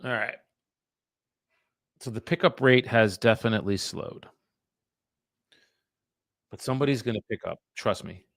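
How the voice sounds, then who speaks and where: Blunt, gravelly man, close and dry. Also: mid-range voice, unhurried, long pauses, no echo. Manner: blunt, profane, chatty, addresses viewers as guys. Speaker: real estate agent streaming live calls. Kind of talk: casual live-stream chat.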